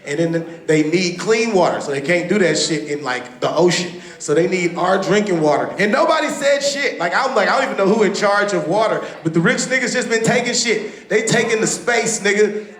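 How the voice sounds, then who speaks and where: A man from Texas doing a stand-up comedy set on a club stage, talking loud and animated, swearing a lot and acting out what people said. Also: high voice, moderate pace. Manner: loud, animated, profane, acts out quotes. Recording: roomy club recording.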